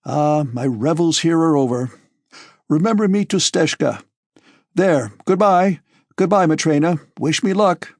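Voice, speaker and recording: A man reading aloud plays an impatient young aristocrat with a husky edge, his voice lifted and urgent. The sound is close and dry, with no room around it. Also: fairly high pitch, expressive, measured pace, a little mellow, dry recording, pitched above the performer's own voice. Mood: wistful. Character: reckless young nobleman eloping, eager. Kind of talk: audiobook character voice.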